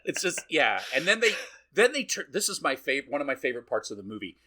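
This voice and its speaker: A man's voice: mid-range voice, big pitch swings, fast, bright, forceful tone. A man co-hosting a podcast, recapping a film in casual chat, swearing freely and acting out what the characters say. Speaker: podcast co-host.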